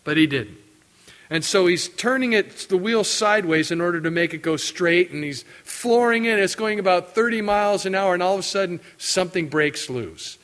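A middle-aged male pastor preaching a sermon, telling a personal story with lively acted-out quotes before reading scripture. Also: high-pitched, normal speed. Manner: animated storytelling, acting out quotes.

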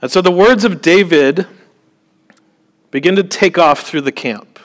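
A man's voice: high-pitched, a little slow. A man preaching a sermon in a conversational way, with joking asides and frequent check-ins with his listeners.

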